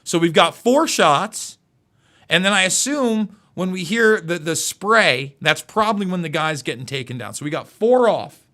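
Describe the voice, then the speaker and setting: Emotional high-voiced male commentator. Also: lively intonation, normal speed, bright, forceful tone. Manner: emotional, repetitive, stumbles over words. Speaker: political commentary host. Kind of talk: live news commentary.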